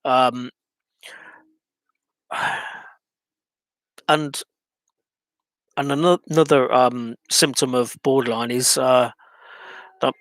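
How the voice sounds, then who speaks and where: A man's voice: mid-range voice, a bit bright, no room sound. Hesitant man speaking personally to camera, mid-range voice, dry room. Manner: hesitant, many ums and restarts, reflective. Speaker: vlogger. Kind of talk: personal monologue.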